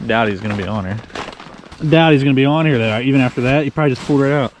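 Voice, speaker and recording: A man's voice: medium pitch, racing. Dude talking his way through ice fishing in a shelter, hyped up and cussing, noisy camera sound. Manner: excitable, swears, says dude a lot. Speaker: fishing vlogger. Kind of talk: casual narration while ice fishing.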